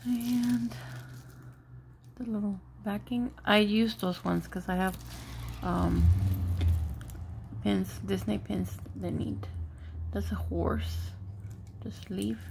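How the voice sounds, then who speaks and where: A woman's voice: medium pitch, slow, gravelly, pauses often, darkish tone, a little hiss or hum. A woman vlogger in casual show-and-tell commentary, chatting and murmuring remarks about each item at home, with Spanish asides now and then. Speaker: jewelry vlogger.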